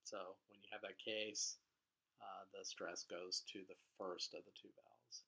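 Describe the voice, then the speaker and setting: Male language teacher, lowish voice, patient explanatory lecture delivery with frequent uhs. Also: flat delivery, moderate pace, creaky, pushed and bright. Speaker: Hebrew teacher. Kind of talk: recorded vocabulary lecture.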